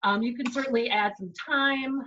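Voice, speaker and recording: A woman's voice: fairly high pitch, moderate pace, fairly bright tone, distant mic, highs cut off, slight background noise. A woman chef instructor with a Chicago accent, talking through a cooking demo in her home kitchen, chatty and explanatory. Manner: chatty, explains as she cooks, frequent "right?" and "um". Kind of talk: cooking demonstration.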